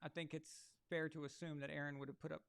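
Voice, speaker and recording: A man's voice: a little high, flat delivery, quick pace, vocal fry, a bit bright, clear, resonant tone. A man hosting a live sports watch-along, talking casually with crude, sarcastic asides. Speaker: live sports show host.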